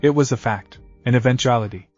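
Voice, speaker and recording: A man's voice: medium pitch, brisk, a little mellow. Man reading a story over faint music. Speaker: narrator. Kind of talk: scripted fan-fiction narration. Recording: dull lo-fi audio. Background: faint background music.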